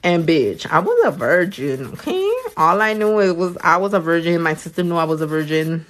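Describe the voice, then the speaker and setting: A young woman, a nail technician chatting casually on a livestream while she works. She tells stories animatedly, swears freely and jumps into squeaky high voices. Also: fairly quick.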